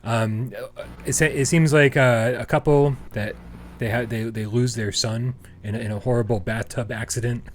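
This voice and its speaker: Man, mid-pitched, podcast co-host, excitable, laughs easily. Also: moderate pace. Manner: excitable, laughs often, stumbles over restarts. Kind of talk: casual podcast chat.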